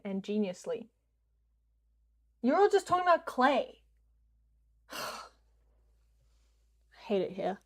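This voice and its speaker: Animated New Zealand woman streamer, higher voice. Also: takes it slowly, pauses often. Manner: animated, swears freely, jokey mock rants. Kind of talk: casual live-stream game commentary.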